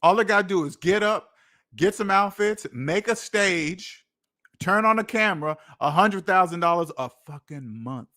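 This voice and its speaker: A man's voice: sits high, expressive, moderate pace, bright, forceful tone. A man hosting a finance channel, ranting casually, incredulous and repeating lines for emphasis. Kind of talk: casual livestream rant.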